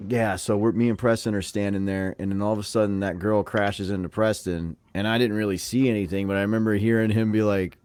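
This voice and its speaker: A man's voice: fairly low pitch, flat delivery, brisk, few pauses, darkish tone, clean tone, no echo. A young man co-hosting a podcast, talking in laid-back, slangy casual chat full of "dude" and "bro". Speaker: podcast co-host.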